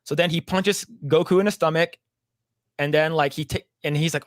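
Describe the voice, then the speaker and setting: A man on a podcast rambles through a long cartoon plot, his voice a little higher than most and recorded dry and close. He keeps acting out the characters' lines and swears freely as he goes. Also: fairly even intonation, moderate pace, no echo. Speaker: podcast co-host. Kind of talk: casual chat, retelling a cartoon plot.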